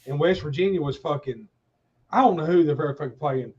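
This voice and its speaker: A high-voiced man tells a long, rambling story on a livestream, cursing freely and acting out everyone's lines. His voice comes through muffled and lo-fi, like a dull stream feed. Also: a little fast, slightly rough. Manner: animated, swears constantly, acts out quotes. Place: livestream call.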